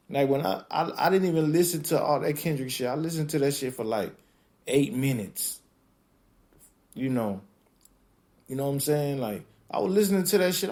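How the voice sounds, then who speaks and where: A man hosting a podcast rants in a loose, casual way. He swears freely and keeps jumping up into high, squeaky disbelief. Between those bursts his voice sits at a middling pitch. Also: a little fast. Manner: profane, animated, breaks into high-pitched incredulous outbursts. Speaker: podcast host. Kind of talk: casual rant.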